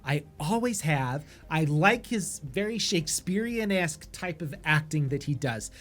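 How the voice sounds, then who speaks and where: A man hosting a casual movie review chat, halting with many fillers and restarts. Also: on the high side, expressive, a bit bright. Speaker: podcast host.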